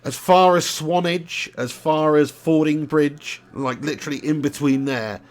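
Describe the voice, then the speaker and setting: A man's voice: a little high, steady tone, a little slow, hardly any pauses. A man from England, chatting casually and laughing often while commentating a live game stream. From southern England. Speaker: gaming streamer. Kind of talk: live gameplay commentary and chat.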